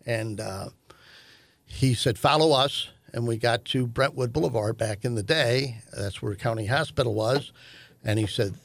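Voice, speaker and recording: An older man, telling a family story in a halting way with many fillers and restarts. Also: medium pitch, gravelly, no echo. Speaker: guest, host's father. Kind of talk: conversational storytelling.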